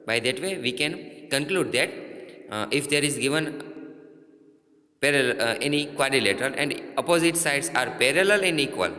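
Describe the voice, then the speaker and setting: A man with an Indian English accent teaching a maths lesson, halting and repeating himself with many fillers. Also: medium pitch, animated, sharp tone. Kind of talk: classroom lesson. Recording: roomy echo, long reverb.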